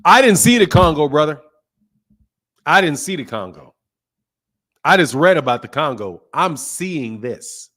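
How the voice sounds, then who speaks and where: A fairly high-pitched young man hosts a boxing stream in a heated rant. He repeats his points over and over, swears freely, and jumps between loud, shouted bursts and low, muttered asides. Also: big pitch swings, normal speed, pauses often. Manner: emphatic, repetitive, profane, swings between loud and quiet. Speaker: boxing channel host.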